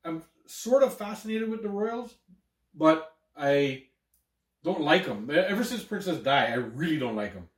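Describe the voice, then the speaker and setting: A man's voice: fairly high pitch, lively intonation, normal speed, distant mic. A man co-hosting a podcast in casual chat, rambling, swearing and laughing often. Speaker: podcast co-host. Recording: roomy, from off-mic.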